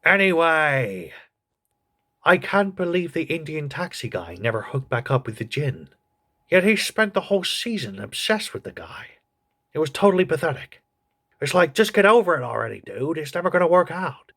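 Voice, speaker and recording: A man voicing a crude, gossipy old male politician who reviews a TV show in a comedy sketch, with a husky voice. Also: a little high, big pitch swings, moderate pace, pushed and bright, full character voice. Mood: snarky.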